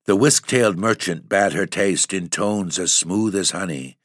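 A man's voice: sits low, dry recording, studio quality. A man hosting and reading a long poem aloud in an ominous, theatrical way. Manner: ominous, drawn-out theatrical delivery. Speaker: narrator and host.

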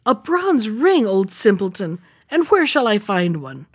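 A woman's voice: mid-range voice, very animated, unhurried, husky, no room sound, clean studio sound. A woman reading the lines of a blunt palace servant in a fairy tale, scornful in manner.

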